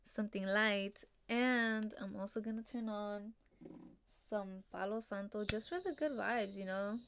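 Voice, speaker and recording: A woman's voice: mid-range voice, unhurried, a little hiss or hum. A young woman hosting a casual solo podcast, laid-back and rambling, full of fillers and casual swearing. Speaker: podcast host.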